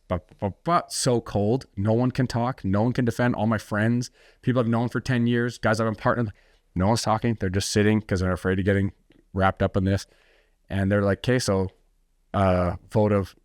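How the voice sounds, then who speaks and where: A man's voice: low voice, no room sound, clean studio sound. A middle-aged man, an entrepreneur guest, telling his story bluntly and intensely in a podcast interview, swearing freely and acting out what others said.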